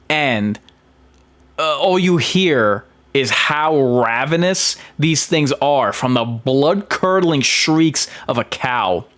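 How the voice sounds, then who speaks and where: Brief: mid-pitched man on a film talk show, emphatic, stop-and-start delivery. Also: a bit bright. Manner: emphatic, with many ums and restarts. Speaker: film commentator. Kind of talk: casual film commentary.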